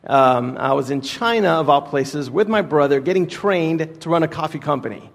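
A man's voice: on the high side, lively intonation, moderate pace, vocal fry. A man in his thirties from Texas, a guest preacher telling a personal story in a casual, rambling sermon with many restarts. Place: church sanctuary. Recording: reverberant church hall.

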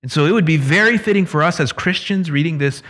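Man, preacher, sermon, conversational, emphatic, slightly high voice. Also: fast, fairly bright tone.

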